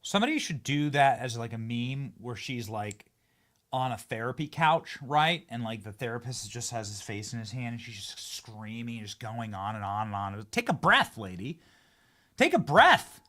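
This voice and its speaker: A man hosting a political commentary show, animated and mocking, swinging between shouting and muttering. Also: medium pitch, normal speed. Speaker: show host.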